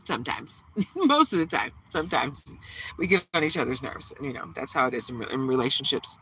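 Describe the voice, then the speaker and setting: A woman's voice: very deep voice, animated, fairly quick, pushed and bright, slightly rough, rough recording. A woman from Detroit, Michigan hosting a live tarot stream, chatting bubbly and greeting viewers by name. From Detroit, Michigan, USA. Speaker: livestream tarot reader. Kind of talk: casual livestream chat.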